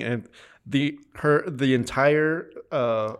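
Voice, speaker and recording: Male co-host, casual and wry, mid-pitched, quick with jokes. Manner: wry, chiming in with jokes and comparisons. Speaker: podcast co-host. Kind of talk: casual chat.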